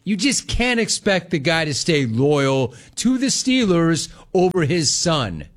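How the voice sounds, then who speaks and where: Sarcastic higher-voiced sports host. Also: male voice, big pitch swings, takes it slowly. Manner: sarcastic, mocking, laughs often. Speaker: sports talk show host. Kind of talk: sports talk commentary.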